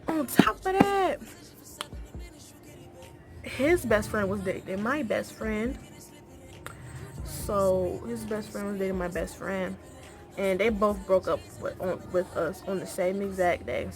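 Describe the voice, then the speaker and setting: A woman's voice: slow pace, pauses often, soft background music. A young woman, telling a story casually and acting out the dialogue. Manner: animated, acts out dialogue with rising pitch.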